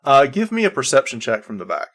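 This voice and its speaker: A man's voice: mid-range voice, wildly swooping pitch, quick pace, a bit bright. A man narrating as game master of a tabletop game, rambling with many restarts and fillers.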